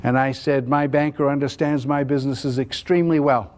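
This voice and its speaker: A man's voice: medium pitch, fairly even intonation, fairly quick, darkish tone. A middle-aged man from New Zealand giving a business talk, telling stories and acting out the dialogue in a conversational way. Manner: anecdotal, conversational, acts out dialogue. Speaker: business speaker. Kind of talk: storytelling talk to an audience.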